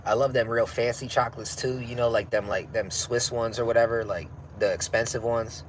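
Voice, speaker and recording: A man's voice: mid-range voice, steady tone, fairly quick, a little hiss or hum, rough recording. Laid-back profane man chatting on stream. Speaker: livestream host. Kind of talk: casual livestream chat.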